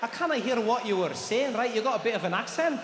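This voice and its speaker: A calm, courteous male waiter speaks in a lilting Scottish accent, as a man puts him on. The voice sits high. The sound is echoey, from a large hall with steady background noise. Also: brisk, a crowd in the background. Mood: polite puzzled.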